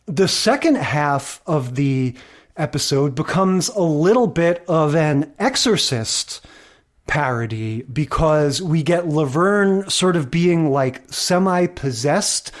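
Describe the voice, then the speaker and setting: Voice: mid-range voice, animated, slow pace. Casual podcast co-host analyzing sitcoms. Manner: conversational, explaining with fillers.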